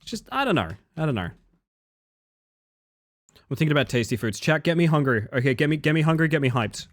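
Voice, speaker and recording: A young Australian streamer chats casually with his live audience, his pitch bouncing around lively as he rambles from joke to joke and swears freely. He talks briskly, and the sound is close and dry with no room or echo.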